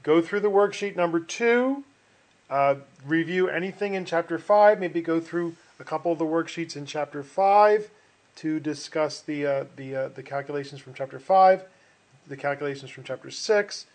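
Man, middle-aged, finance instructor, online lecture, slightly high voice, folksy, rambling, many fillers. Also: moderate pace.

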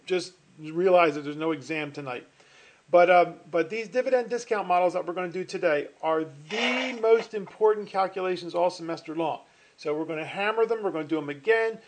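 A high-voiced middle-aged man lectures to an online class through his computer mic. He talks chattily and rambles, trailing off into fillers and restarting his sentences. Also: expressive, fairly quick. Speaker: finance professor. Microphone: computer mic on a video call.

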